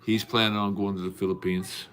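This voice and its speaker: A man's voice: fairly low pitch, flat delivery, a little fast, a bit bright, a little hiss or hum. A man hosting a casual livestream from home, chatting with viewers in a folksy, rambling way, with many fillers and restarts. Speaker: livestream host. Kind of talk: casual livestream chat, greeting and answering viewers.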